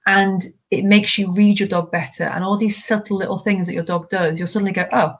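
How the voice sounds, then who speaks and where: A woman's voice: medium pitch, fairly quick, muffled recording. A woman mantrailing instructor from the UK, chatting enthusiastically as a guest and acting out owners and dogs. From United Kingdom. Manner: enthusiastic, animated storytelling, acts out dogs and owners. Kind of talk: casual video call chat.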